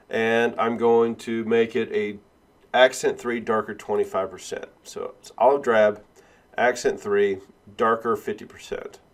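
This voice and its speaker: A man instructor giving a screen-recorded software tutorial, explaining each click step by step and correcting himself along the way. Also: lowish voice. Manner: steady step-by-step walkthrough, self-correcting.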